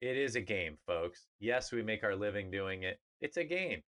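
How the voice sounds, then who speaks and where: A middle-aged man talks sports on a podcast, emphatic and animated. His voice sits fairly low but has a bright, forceful edge. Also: moderate pace. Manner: animated, emphatic, mimics others in funny voices. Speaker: podcast co-host, former pro player. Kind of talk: casual sports talk.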